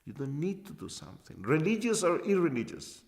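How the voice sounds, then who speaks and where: A man giving a spiritual talk as a teacher, halting and repeating short phrases for emphasis. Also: fairly high pitch, big pitch swings, darkish tone. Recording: long hall reverb.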